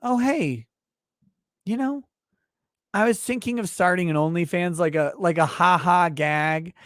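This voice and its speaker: A man's voice: high voice, a little slow, dry recording, studio quality. A man doing a breezy, rambling wife. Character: breezy young wife pitching a silly idea.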